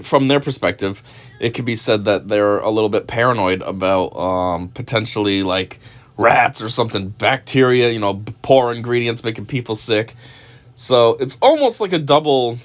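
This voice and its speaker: A man talks through a scene in casual commentary. He rambles, chuckles often and fills his sentences with "like" and "um". His voice sits at an ordinary pitch. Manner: rambling, chuckling, lots of fillers. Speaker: video commentator.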